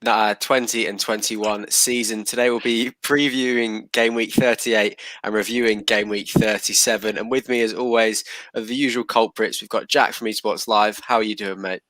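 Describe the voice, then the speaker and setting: A man hosts a podcast in a low voice that barely rises or falls. He sounds laid-back and matey, recorded close and dry. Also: steady tone, moderate pace, hardly any pauses, a bit bright, no echo. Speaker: podcast host. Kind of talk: casual podcast hosting.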